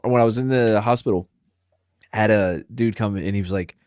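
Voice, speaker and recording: A man's voice: fairly low pitch, a little fast, darkish tone, smooth, no echo, studio quality. A man on a podcast talking in a loose, casual, joking way, telling stories with his co-hosts. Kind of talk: casual chat.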